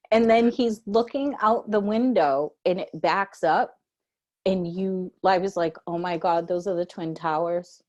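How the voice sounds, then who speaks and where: A woman co-hosting a casual chat, telling a story in a slangy, animated way and jumping high in pitch when she quotes herself. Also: a little slow. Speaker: podcast co-host.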